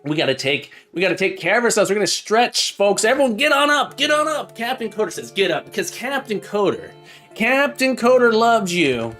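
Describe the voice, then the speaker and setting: High-voiced upbeat streamer man. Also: very animated, fairly quick, hardly any pauses, sharp tone. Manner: upbeat, playful coach leading stretches. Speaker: livestream host. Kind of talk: live coding stream chat. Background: faint music.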